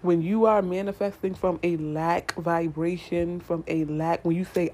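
A woman's voice: on the low side, steady tone, a little slow, hardly any pauses, a little mellow. A young adult woman giving a casual tarot reading to her viewers, chatty and repetitive, talking straight to them as y'all. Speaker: tarot reader.

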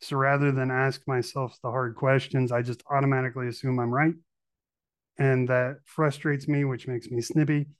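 A man's voice: medium pitch, no echo. A man hosting a podcast, answering in casual conversation and candidly admitting his own faults. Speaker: podcast host.

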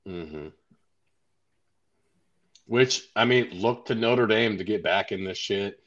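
A man's voice: on the low side, takes it slowly, dull audio. A man co-hosting a casual sports podcast, joking and cursing as he tells stories. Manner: joking, profane, animated storyteller. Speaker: podcast co-host.

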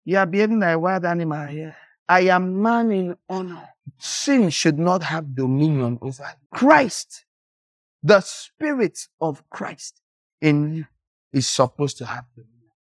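A preacher delivers a sermon with passion and rebuke, and the voice swings widely up and down in pitch. The delivery scolds the listeners and breaks into sudden shouts. The sound is dry and close, with no room echo. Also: lively intonation, measured pace.

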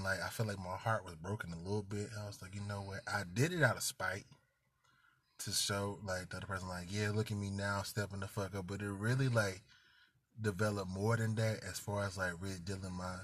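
Husky laid-back man, slangy. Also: sits low, fairly even intonation, a little fast, a bit bright. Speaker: podcast host. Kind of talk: casual chat. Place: parked car.

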